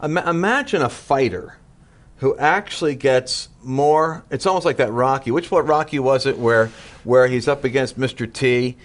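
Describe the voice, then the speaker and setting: A man from the Northeastern US, a guest speaker on a talk show, telling energetic stories and acting out the people he quotes. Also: medium pitch, normal speed. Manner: energetic storyteller, acts out quotes, frequent restarts. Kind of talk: animated conversational teaching.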